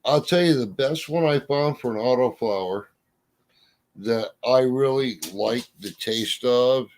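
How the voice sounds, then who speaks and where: A man chatting casually, spinning folksy stories at an easy drawl. His voice sits at an average pitch, with mild cursing. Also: unhurried, darkish tone. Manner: folksy storyteller, drawling, swears mildly. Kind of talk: casual chat.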